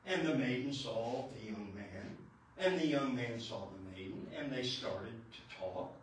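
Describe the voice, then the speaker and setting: A man preaching, telling a folk tale slowly and dramatically with repeated phrases, recorded in a church sanctuary. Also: mid-range voice, lively intonation, slight background noise. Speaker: pastor. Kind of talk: sermon storytelling. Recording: echoey church from far off.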